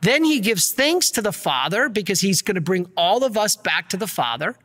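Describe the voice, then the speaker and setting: A man, a priest, giving an earnest and energetic sermon with slides. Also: high-pitched, moderate pace, big-room sound. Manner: earnest, energetic preaching, gets worked up.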